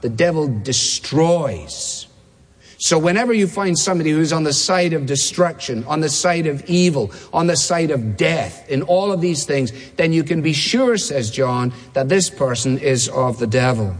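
A man preaching a sermon, emphatic, repeating key phrases and slowing down to stress words. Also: on the high side, expressive. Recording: long hall reverb.

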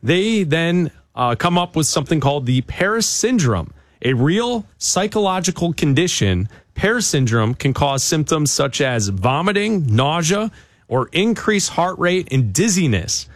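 Male radio host, casual opinionated chat, lively pitch, dry studio sound. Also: measured pace, no room sound. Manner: hesitant, opinionated, with many fillers.

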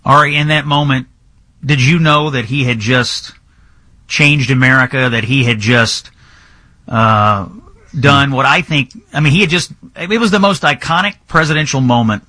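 A man hosting a talk radio interview, sometimes halting and searching for words as he asks questions. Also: mid-range voice, bright, forceful tone, no room sound. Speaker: radio talk show host.

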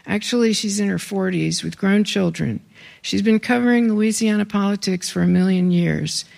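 Reader doing memoir stories out loud, super gravelly voice, chatty asides, um and uh a lot. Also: mid-range voice. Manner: casual asides with fillers between readings. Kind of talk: live reading of memoir stories.

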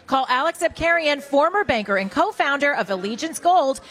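A woman's voice: high-pitched, lively intonation, fairly bright tone. A woman reading a scripted radio advertisement in an upbeat, salesy manner. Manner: upbeat and salesy, spells out phone numbers slowly. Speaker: ad co-host.

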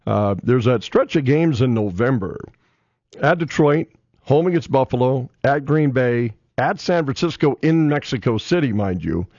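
A man's voice: medium pitch, expressive, darkish tone. A man talks football on a radio show, stopping and restarting his sentences as he goes. The booth sounds dry, with no room echo. The audio is a bit muffled. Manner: halting, many restarts and fillers. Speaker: sports radio host. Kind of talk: casual sports talk.

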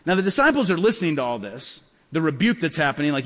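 A man preaching as a pastor, telling stories in a lively way and acting out the dialogue. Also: fairly high pitch, fast talker. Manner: animated, acts out dialogue in stories. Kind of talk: sermon with storytelling. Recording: long hall reverb.

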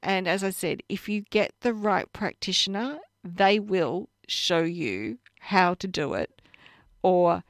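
A woman's voice: on the low side, lively intonation, slow, no room sound, clean studio sound. A woman who works hands-on with horses and dogs, talking earnestly on a radio show in a casual, plain-spoken way with many fillers, while she is losing her voice. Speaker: animal bodywork practitioner, radio guest.

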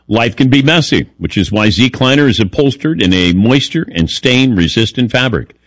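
A man hosting a sports radio show, teasing his co-hosts in a wry, lively way and reading an ad. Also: medium pitch, moderate pace, no room sound. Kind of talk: casual radio talk and read ad.

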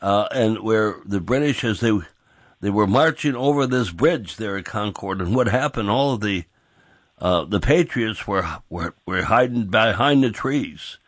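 A man's voice: fairly low pitch, animated, unhurried, no room sound, studio quality. A man hosting a talk radio show, rambling in a folksy way with frequent restarts.

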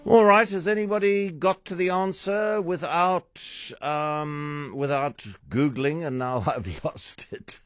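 A man's voice: fairly high pitch, takes it slowly, few pauses, a bit bright, soft background music. A man hosting a radio talk show, chatting casually and telling jokes. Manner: playful, chuckling, telling jokes. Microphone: studio microphone.

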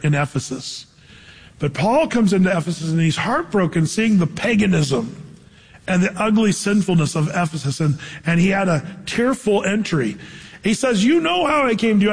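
A pastor with a high, slightly rough voice preaches conversationally, putting rhetorical questions to the crowd as his loudness shifts. His words ring out through a large hall with long reverb.

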